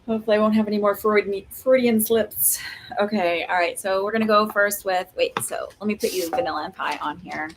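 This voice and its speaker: Over background noise, a woman with a medium-pitched voice speaks briskly. She is a psychic medium hosting a live stream of oracle card readings, chatting and rambling with many fillers and bursts of laughter.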